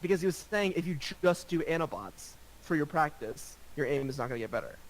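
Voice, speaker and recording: A man's voice: a little high, sing-song, a little fast, rough recording. A young man chatting casually with friends on a gaming voice call, teasing, profane and rambling. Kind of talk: casual chat.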